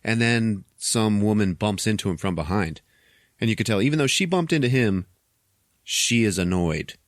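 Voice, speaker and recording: Lowish-voiced man recapping a movie. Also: moderate pace, no echo, clean studio sound. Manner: animated retelling, profane, laughs often. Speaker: podcast host. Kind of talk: casual movie recap chat.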